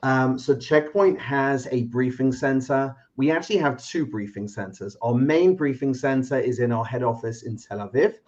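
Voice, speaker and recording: A man with a British accent answers as a guest in a live online interview. He speaks in a friendly, reflective, measured way over a somewhat muffled, lo-fi line. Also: medium pitch, darkish tone. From Britain.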